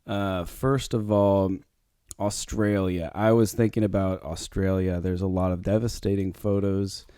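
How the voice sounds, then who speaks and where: A man's voice: low-pitched, flat delivery, a little slow, warm tone, smooth, dry recording. A man hosting his own podcast, talking casually and rambling, with lots of fillers and restarts, into a close mic. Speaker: podcast host. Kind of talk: casual solo podcast talk.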